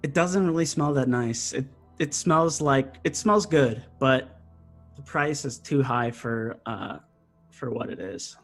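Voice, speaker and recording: A man's voice: medium pitch, a little slow, faint music behind. A man narrating as game master of a tabletop game, rambling and hesitant, full of fillers.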